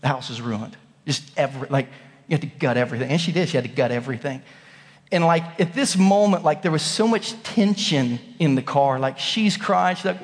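A man in his thirties preaching a sermon in a church, telling stories in an animated way and acting out the voices. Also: fairly high pitch, brisk. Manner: animated storytelling, acts out voices. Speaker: pastor. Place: church sanctuary. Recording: long hall reverb.

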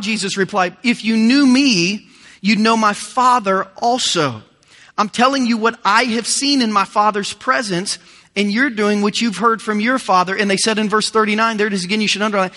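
A man's voice: sits high, moderate pace, pushed and bright, in a large hall. A man with a Midwestern American accent, preaching a sermon as pastor in an earnest, emphatic way with repeated phrases. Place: church auditorium.

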